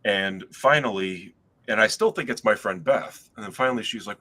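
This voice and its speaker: A middle-aged man tells a long, winding anecdote as a guest on a chat show, with his sentences often stopping and starting again. His voice sits low, but its tone is bright and pushes forward. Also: moderate pace. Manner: rambling, self-interrupting anecdote teller. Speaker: guest author. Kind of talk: casual storytelling.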